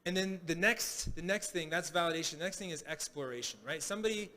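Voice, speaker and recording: A man's voice: on the high side, fast talker, sharp tone. A man preaching as pastor in a casual teaching style, often restarting phrases and checking in with "right?". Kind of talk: sermon teaching. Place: congregation hall.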